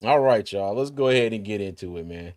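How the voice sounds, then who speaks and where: A man's voice: lowish voice, expressive, fairly quick, a little mellow. A man hosting a casual sports live stream, laid-back and chatty, with many fillers and restarts. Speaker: sports podcast host.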